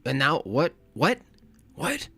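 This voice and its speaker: A man's voice: on the high side, wildly swooping pitch, slow pace, creaky, pushed and bright, faint music behind. A man reacting to a clip, ranting with sarcastic questions. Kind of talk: casual reaction commentary.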